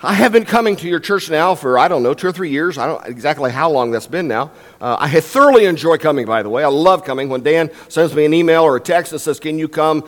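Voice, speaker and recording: An older man preaching a sermon as a guest pastor in a church, emphatic and varying his pace for effect. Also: on the high side. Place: church sanctuary. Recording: long reverb in a church hall.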